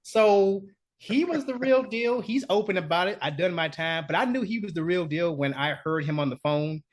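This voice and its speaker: Male co-host, lively anecdote-teller, swears freely, laughs a lot. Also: high voice, moderate pace. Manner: animated, profane, laughs often. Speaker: podcast co-host. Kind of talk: casual storytelling chat.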